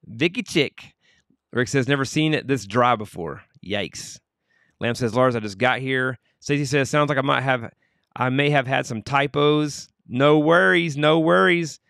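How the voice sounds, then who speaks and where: A man hosts a morning livestream, greeting viewers by name as he reads their comments aloud. He moves easily into earnest prayer. His voice is smooth and resonant, recorded close and dry. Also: mid-range voice, unhurried, a bit bright, no echo. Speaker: livestream host. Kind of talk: morning show chat and prayer.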